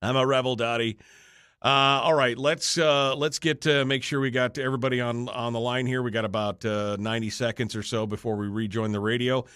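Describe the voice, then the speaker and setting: In a clear, resonant, fairly bright mid-range voice, a male radio talk show host speaks briskly with level tone and few pauses, recorded dry at studio quality. During a break he's tired and yawning, rambling through an off-the-cuff livestream chat and joking self-deprecatingly with his audience.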